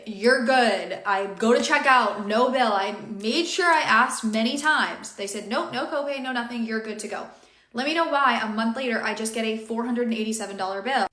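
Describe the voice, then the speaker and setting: A woman's voice: on the high side, a bit bright. A woman ranting in a casual vlog, frustrated and aggravated as she talks. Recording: echoey room.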